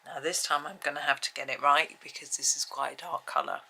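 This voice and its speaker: A middle-aged woman chatting gently and rambling while she colours, often dropping to a near whisper. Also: low-pitched, fairly even intonation, a little fast, heavy background noise. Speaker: colouring video host. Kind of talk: soft-spoken colouring tutorial chat.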